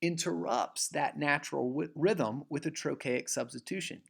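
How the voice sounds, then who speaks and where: A man's voice: fairly high pitch, measured pace, gravelly. A man teaching a recorded literature lecture, acting out stresses in words, with frequent "uh"s and restarts.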